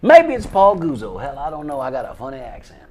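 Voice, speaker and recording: A man's voice: medium pitch, wildly swooping pitch, fast talker, crowd noise. A man, co-hosting a local show with drawling, folksy, playful banter. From Tampa, Florida. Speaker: show co-host. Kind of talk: folksy casual chat.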